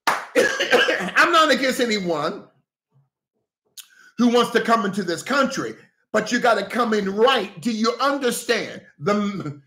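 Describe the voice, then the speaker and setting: A man hosting a heated political livestream, animated and breaking into shouts, thanking viewers for gifts. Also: high voice. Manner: animated, breaks into shouts, repeats okay, coughs. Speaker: livestream host addressing viewers as pastors. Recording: echoey room.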